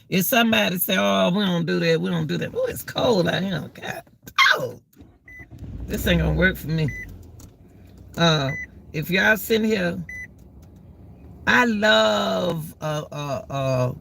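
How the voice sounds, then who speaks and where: In a mid-range, slightly bright voice with vocal fry, a woman lectures her viewers on relationships from outside in the cold, with slight background noise. The talk is casual yet preachy and repetitive, her key words drawn out and "y'all" used over and over.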